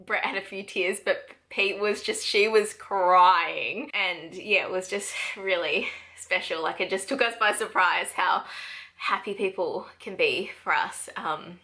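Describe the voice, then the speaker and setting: Young Australian woman vlogger, chatty and laughing, with a bright, forceful voice. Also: mid-range voice, measured pace. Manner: chatty, laughs often, acts out quotes. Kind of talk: casual chat.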